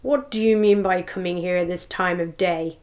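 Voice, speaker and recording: Woman playing a gruff old miser. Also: on the low side, steady tone, normal speed, darkish tone, close to an everyday voice. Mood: gruff-jolly. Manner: growling, exclaiming. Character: old miser man, gruff then earnest.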